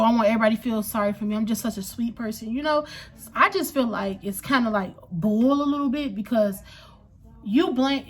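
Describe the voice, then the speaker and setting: A young woman giving a blunt, frank reaction, often restarting her sentences. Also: a little high. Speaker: reaction host.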